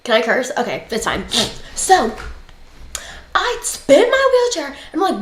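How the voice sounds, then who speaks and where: A woman's voice: high-pitched, wildly swooping pitch, a little slow, a little hiss or hum. A young woman telling a story in a casual, blunt, chatty way, swearing freely as she talks. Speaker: livestream guest. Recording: roomy echoey room.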